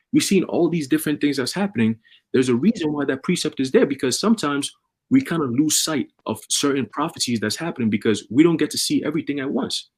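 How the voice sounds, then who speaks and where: Fast-talking husky man preaching casually. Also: medium pitch. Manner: fast, repetitive, energetic street talk with slang. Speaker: host of a religious livestream.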